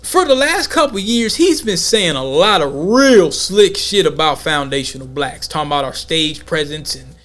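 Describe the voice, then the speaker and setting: A man hosting a podcast, talking in an emphatic, slangy, animated way during a casual debate. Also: fairly high pitch, moderate pace, few pauses. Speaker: podcast host.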